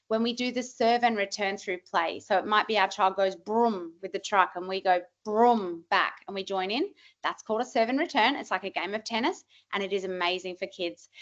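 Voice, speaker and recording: A woman, a parenting expert, giving a lively, emphatic presentation to parents. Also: medium pitch, highs cut off.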